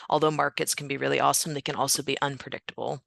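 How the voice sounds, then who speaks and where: A woman's voice: a bass voice, level tone, racing, vocal fry, a bit bright, no room sound. A woman hosting an online panel discussion who reads out audience comments and chats casually with her guest over a video call. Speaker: webinar host.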